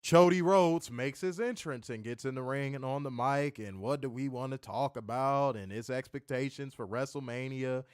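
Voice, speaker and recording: A man co-hosting a wrestling review stream, talking in a loose, joking way and swearing freely. His voice sits at an ordinary middle pitch, and the sound is dry and close, with no room around it. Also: moderate pace, few pauses, smooth, no room sound. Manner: loose, joking, reads chat comments, summarizes show. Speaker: podcast co-host reviewing wrestling. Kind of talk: casual profane review chat.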